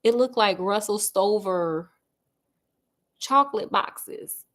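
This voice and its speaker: A woman's voice: medium pitch, slow, fairly bright tone. A woman casually retelling a classic detective story in a chatty, slangy, joking way, often interrupting herself.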